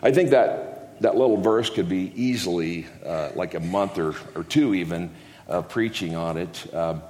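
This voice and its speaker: Deep-voiced rambling man preaching in a hall. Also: unhurried, a little mellow. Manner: rambling, self-interrupting, folksy jokes. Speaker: guest preacher. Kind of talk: casual joking sermon. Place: church hall. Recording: echoey hall, long reverb.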